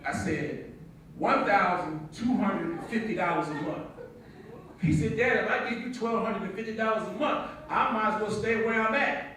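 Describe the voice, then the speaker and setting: A man performs a stage comedy monologue as a strict, wry father of a grown son, telling it deadpan and teasing. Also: high-pitched, moderate pace, noisy background, natural voice. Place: theatre stage. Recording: echoey hall from far off.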